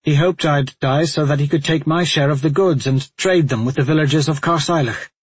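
A man's voice: fairly high pitch, fairly quick, breathy edge, no echo, voice pushed up. A man voicing a haunted, guilt-ridden male adventurer in an audiobook, speaking in a strained, tense way.

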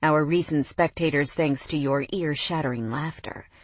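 A woman's voice: low voice, moderate pace, breathy edge, no room sound. A woman narrator voicing a cocky, teasing young man with a smug, playful drawl.

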